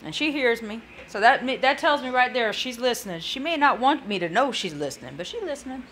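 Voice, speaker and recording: Bright-voiced tired woman live-streaming. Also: on the high side, lively intonation, brisk, a little hiss or hum. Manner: rambling, talks to chat viewers by name. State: tired, yawning. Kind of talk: casual live-stream chat.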